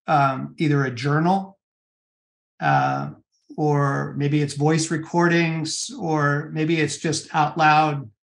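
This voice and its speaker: Man, middle-aged, earnest and halting, lots of um and restarts, gravelly tone. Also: on the high side. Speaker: author and interview guest. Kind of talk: conversational interview on spiritual practice.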